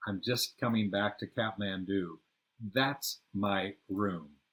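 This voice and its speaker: A cheerful, easygoing hippie man, voiced by an older storyteller. His voice sits on the low side and he sounds welcoming in this personal travel tale. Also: slow pace, fairly bright tone. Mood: friendly.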